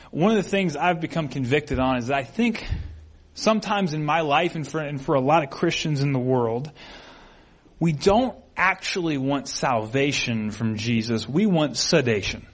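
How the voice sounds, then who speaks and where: Animated high-voiced male pastor preaching. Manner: animated, acts out quoted people in raised voices. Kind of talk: sermon.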